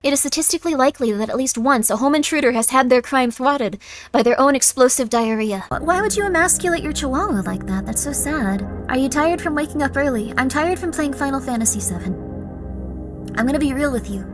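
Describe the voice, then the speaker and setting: A woman streamer in casual chat with her viewers, rambling, excitable and laughing at herself. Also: sits high, brisk, music in the background.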